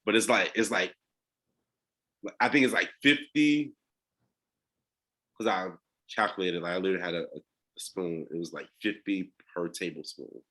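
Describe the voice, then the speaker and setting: A man's voice: sits low, normal speed, pauses often, pushed and bright. A man on a video call with his coaches, talking casually in a slangy, laid-back way with lots of fillers and restarts. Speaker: coaching client.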